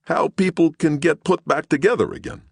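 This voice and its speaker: A man's voice: on the high side, moderate pace, vocal fry, no room sound, clean studio sound, pitched above the performer's own voice. A man reading an audiobook, voicing a desperate, down-and-out man who whimpers and pleads in slangy speech.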